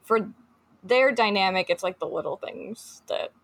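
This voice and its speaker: A woman co-hosting a chatty podcast, her voice sitting at an ordinary middle pitch. She talks loosely with plenty of fillers and restarts, and now and then reads book passages aloud. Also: a little slow, a bit bright. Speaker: podcast co-host. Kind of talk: casual chat, reading book passages aloud.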